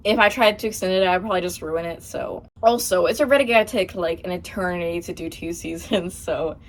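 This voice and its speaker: She's a young channel host with a lowish voice and a brisk pace, answering questions in a casual vlog. The talk is chatty and somewhat hesitant, with lots of laughs and fillers.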